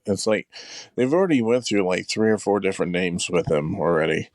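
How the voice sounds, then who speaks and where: Man, casual podcast co-host, rambling with fillers, lowish voice, dry close sound. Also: a little fast, darkish tone, dry recording. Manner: rambling, full of fillers and quoted asides. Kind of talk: casual chat.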